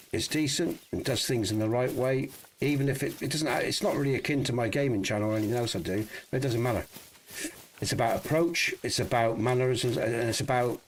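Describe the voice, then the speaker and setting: A man's voice: medium pitch, moderate pace, slight background noise. A middle-aged man from the UK chatting casually and bluntly while streaming a hunting game, swearing freely and rambling as he thinks aloud. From United Kingdom.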